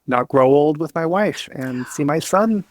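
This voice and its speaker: A man speaking as a podcast guest, earnest and emotional, halting with many restarts and fillers. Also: fairly high pitch, lively intonation, dry recording, clean studio sound. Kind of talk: candid interview talk.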